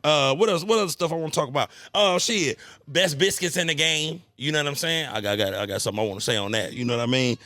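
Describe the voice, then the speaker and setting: A man's voice: fairly high pitch, fast talker, sharp tone, dry recording. A man hosting a podcast in loose, casual chat, swearing and asking "you know what I'm saying" again and again. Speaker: podcast host. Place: cigar lounge.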